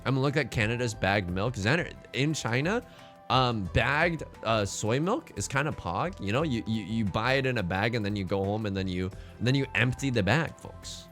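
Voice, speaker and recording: A man streaming live and chatting casually with his viewers while he plays. He sounds slightly hoarse and is excitable and self-mocking. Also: medium pitch, moderate pace, faint music behind. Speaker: livestreamer.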